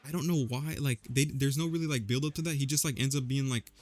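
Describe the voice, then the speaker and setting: A man's voice: mid-range voice, quick pace, darkish tone, faint music behind. A young man casually recapping a movie, rambling with lots of slang and fillers. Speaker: vlogger.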